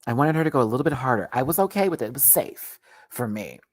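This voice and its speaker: Sassy, animated man reviewing drag. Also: medium pitch, fast. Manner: laughs often, playfully exaggerated. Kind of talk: casual livestream review.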